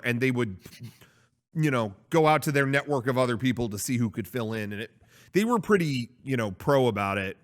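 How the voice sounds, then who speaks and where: A man's voice: mid-range voice, animated, a little fast. A man co-hosting a casual chat show, rambling with lots of fillers and restarts. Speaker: podcast co-host.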